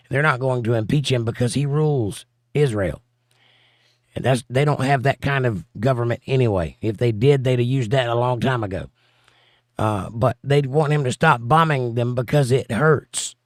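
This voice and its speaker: During a casual livestream, the male host goes through viewer comments one by one and tosses off replies. His voice falls in the mid-range, and the audio is clean studio sound without echo.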